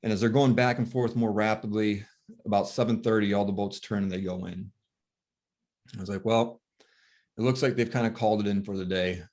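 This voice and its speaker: A man recounting a painful family story as a father, talking softly and haltingly with many pauses and fillers, sounding worn and tired. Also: on the low side, steady tone. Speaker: grieving father telling his story. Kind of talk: emotional personal storytelling.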